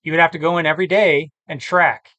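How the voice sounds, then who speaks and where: A man's voice: on the high side, fairly even intonation, fast, bright, forceful tone, dry recording, highs cut off. Tired man thinking aloud, dry mic. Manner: thinking aloud, rambling, self-correcting. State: tired, yawning. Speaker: eBay reseller vlogger. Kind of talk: casual screen-share commentary.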